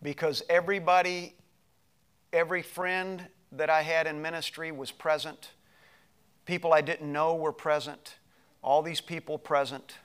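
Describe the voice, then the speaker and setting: A middle-aged male pastor telling a personal story in a sermon, animated and moving between loud passages and hushed ones. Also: on the high side, unhurried, clean tone.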